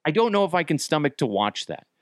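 Profane, ranting man with a lively voice. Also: on the high side, quick pace, no room sound, clean studio sound. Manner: profane, exasperated venting with sudden yelling. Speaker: podcast host. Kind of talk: solo ranting podcast.

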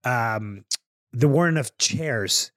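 A man's voice: mid-range voice, slow, no echo, studio quality. A man in his thirties co-hosting a casual podcast, asking questions and laughing often. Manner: lively, laughs often, asks follow-up questions. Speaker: podcast co-host. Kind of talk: casual chat.

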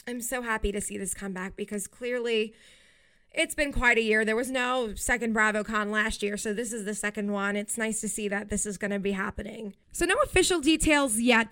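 Bright, chatty woman podcast host. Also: fairly high pitch. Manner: chatty, emphatic and heartfelt. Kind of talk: casual solo podcast commentary.

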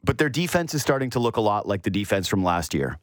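Male sports host, deeper voice, loose rambling chat, dry booth sound. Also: fast, no echo. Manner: animated, rambling, mimics quotes in a higher voice.

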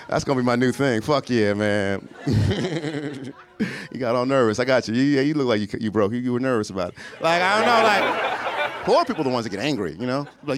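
A man's voice: medium pitch, lively intonation, moderate pace. A man doing profane crowd-work stand-up on a comedy club stage, brash and teasing. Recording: live club with loud crowd noise.

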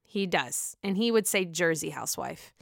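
A woman casually recapping a reality show reunion for her vlog, gossipy and profane, with animated reactions. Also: on the low side, normal speed, vocal fry, dry recording, clean studio sound.

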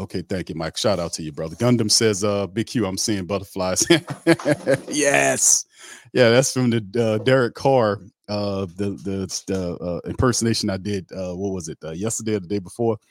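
A man hosting a casual live-stream sports chat, reading out chat names and talking in an animated, repetitive way. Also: deep voice, dry recording, studio quality. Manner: animated, repeats himself, reads chat shout-outs. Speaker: host.

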